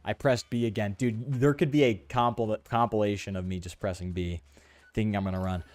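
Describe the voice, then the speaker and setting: A man's voice: on the low side, steady tone, fairly quick, darkish tone, dry recording. A man streaming a game, joking and self-mocking in slangy, casual commentary. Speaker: gaming streamer.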